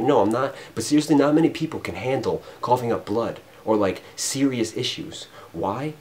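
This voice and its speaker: A man going off in an unscripted spiritual rant, rambling and cursing, swinging between loud emphasis and low mutters. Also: lively intonation, fast talker, hardly any pauses, slight background noise. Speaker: vlogger.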